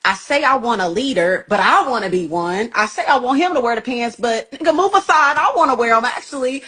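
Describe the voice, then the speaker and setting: A woman's voice: a little high, animated, brisk, pushed and bright. A woman talking candidly about her own flaws in marriage, frank, emphatic and self-mocking. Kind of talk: candid confessional talk.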